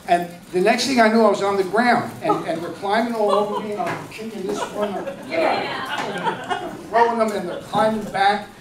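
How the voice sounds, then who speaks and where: A man's voice: high voice, normal speed, a loud crowd. Middle-aged man telling a story in an echoey room. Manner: rambling, warm storytelling with fillers and restarts. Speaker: charity founder giving a speech. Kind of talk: personal story told to an audience. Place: event room with an audience. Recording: echoey room from far off, with noise.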